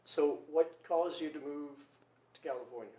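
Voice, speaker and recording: A man interviewing a guest in a relaxed, joking, conversational way. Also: on the high side, normal speed, a little hiss or hum. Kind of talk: casual interview chat. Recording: roomy room, distant mic.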